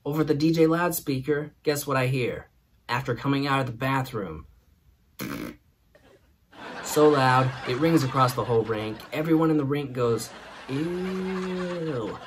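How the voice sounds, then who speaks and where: A man's voice: mid-range voice, normal speed, pauses often, background noise. A man hosting a show, telling a comic story and laughing through it. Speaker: host. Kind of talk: comedic storytelling.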